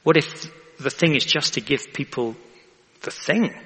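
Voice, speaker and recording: Chatty vicar with a gravelly voice. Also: male voice, fairly high pitch, unhurried, sharp tone, in a large hall. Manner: chatty, asks the audience for agreement. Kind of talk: sermon.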